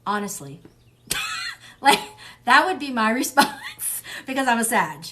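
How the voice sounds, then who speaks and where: A young woman does a casual tarot livestream, her slightly high voice swooping wildly in pitch as she talks a little slowly over a noisy background. She's blunt and chatty, swears freely, wanders off on tangents, and peppers everything with "like" and "um."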